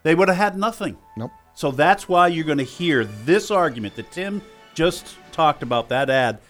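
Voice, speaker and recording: Measured male talk radio co-host. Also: a little high, animated, a bit bright, faint music behind. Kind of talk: conservative talk radio discussion.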